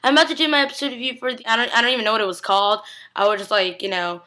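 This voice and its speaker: A woman's voice: on the high side, fairly even intonation, rapid-fire, sharp tone. A young woman chatting casually as she recaps a TV episode, rambling and gushing, with lots of "like" fillers. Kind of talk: casual chat.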